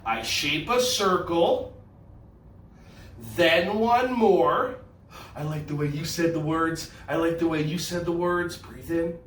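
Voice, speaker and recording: Kids yoga teacher, man, New Jersey accent, high and animated voice, echoey room and a distant mic. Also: slow, a little hiss or hum. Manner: animated and playful, cheering children on. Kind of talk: leading a children's yoga class. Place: indoor room.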